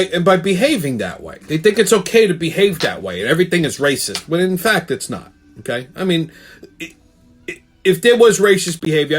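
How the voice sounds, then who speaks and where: A male show host telling a heated, profane story in a blunt ranting monologue. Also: a little high.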